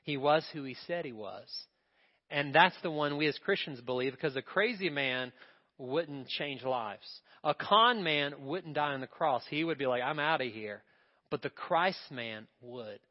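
Male pastor, emphatic sermon delivery, higher voice, echoing hall, muffled recording. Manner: emphatic preaching, rising and falling in volume. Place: church sanctuary. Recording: muffled church recording with long reverb.

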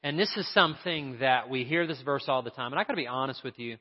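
A man's voice: mid-range voice, quick pace. Man, pastor, conversational sermon, rhetorical questions, long hall echo, muffled sound.

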